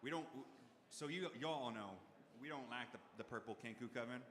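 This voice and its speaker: A man's voice: mid-range voice, moderate pace, a bit bright. A man playing a tabletop game live, playful and hesitant, recorded in an echoey hall with a crowd. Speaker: player.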